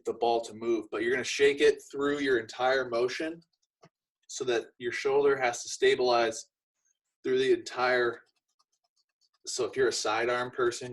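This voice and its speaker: A man chatting casually as he explains and demonstrates arm training drills, with relaxed everyday examples. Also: mid-range voice, low-quality recording. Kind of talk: casual instructional chat.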